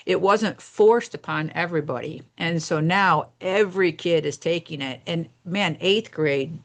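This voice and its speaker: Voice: mid-range voice, unhurried. A retired teacher in their sixties talking emphatically in a casual podcast chat, repeating words for stress. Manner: emphatic and repetitive.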